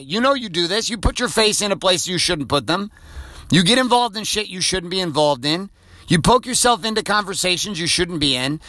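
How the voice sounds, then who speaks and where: A man's voice: on the high side, sharp tone, no echo. A middle-aged man hosting a motivational podcast from his car, blunt and profane in a coaching tone. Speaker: podcast host.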